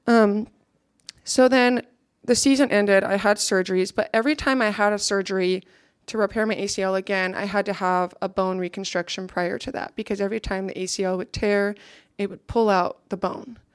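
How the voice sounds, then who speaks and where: A woman's voice: medium pitch, smooth, dry recording. Young woman telling her testimony, earnest and reflective, dry close sound. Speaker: speaker giving a personal testimony. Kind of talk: personal testimony talk.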